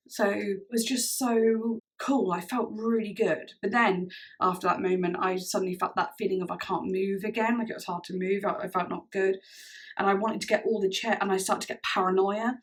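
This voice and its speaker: A woman vlogger telling a personal story to camera in a chatty way, with many "like"s and frequent laughs. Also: mid-range voice. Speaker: music vlogger.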